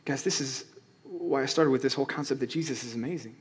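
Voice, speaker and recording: A man preaching a sermon as pastor, reading scripture slowly and swinging between loud emphatic lines and quiet asides. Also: mid-range voice, breathy edge. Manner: reads scripture slowly, stretching key words.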